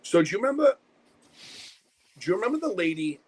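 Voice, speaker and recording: A man's voice: high-pitched, big pitch swings, a little fast, slight background noise. A middle-aged man, co-hosting a casual talk show, blunt and profane as he tells stories. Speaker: podcast co-host. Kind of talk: casual chat.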